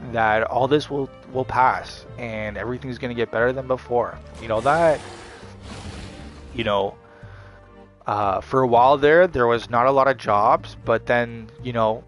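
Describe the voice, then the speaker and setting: A man's voice: medium pitch, fairly bright tone. Rambling man, defiant. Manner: repetitive, heavy with "like" and "you know" fillers; defiant, mocking. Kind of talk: rambling motivational monologue.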